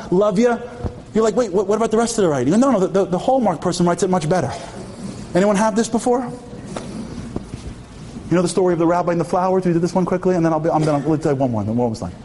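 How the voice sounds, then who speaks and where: A man's voice: high-pitched, a little mellow. A man preaches at a memorial tribute. He tells stories with humor, fires off rhetorical questions and slips into different voices to act out the dialogue, with faint ambient noise behind him. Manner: acts out dialogue with quick shifts of voice; emphatic, with frequent rhetorical questions. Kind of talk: storytelling sermon with humor.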